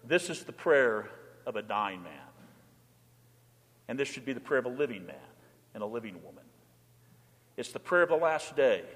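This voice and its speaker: A pastor preaching a sermon, moving between plain teaching and short acted-out pleas spoken in quoted voices. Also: male voice, mid-range voice, lively intonation, moderate pace, long pauses, fairly bright tone. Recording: church hall reverb.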